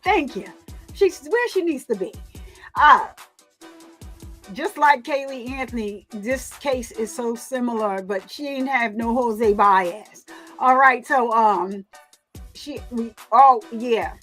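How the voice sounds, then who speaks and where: Woman, high voice, casual livestream crime commentator, emphatic and repetitive, faint music underneath. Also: fairly bright tone. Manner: emphatic, repeats words, talks back to chat.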